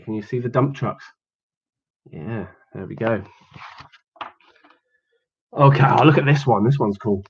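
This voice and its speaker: A man's voice: medium pitch, measured pace, long pauses, dull audio. Playful man hosting kids' show. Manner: playful, teasing, encouraging, calls out to children at home. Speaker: children's activity presenter. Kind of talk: energetic kids' exercise show with storybook reading.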